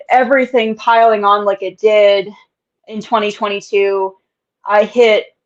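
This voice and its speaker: Chatty woman author on a lo-fi call. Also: medium pitch. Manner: chatty and candid, laughs often. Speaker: author guest. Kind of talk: casual interview chat. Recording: dull lo-fi sound.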